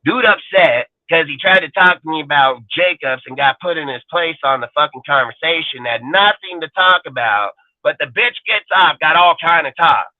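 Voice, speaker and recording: A man hosting a sports talk show delivers a defiant, profanity-laced rant. His voice sits a little high and close, with no room sound. It comes through a thin, phone-like line. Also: expressive, moderate pace, dry recording. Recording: tinny phone-like dry line.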